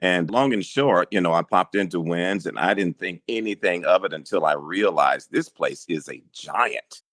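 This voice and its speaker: A middle-aged man with a very deep bass-baritone voice, telling stories easily in a casual interview. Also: normal speed, no echo, clean studio sound. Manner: relaxed storyteller, easy laughs. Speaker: radio news anchor.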